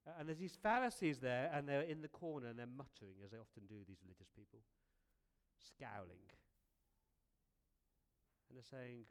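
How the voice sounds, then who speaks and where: A man preaching a sermon as a lively, conversational story, often repeating words and asking rhetorical questions. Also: mid-range voice, normal speed, long pauses.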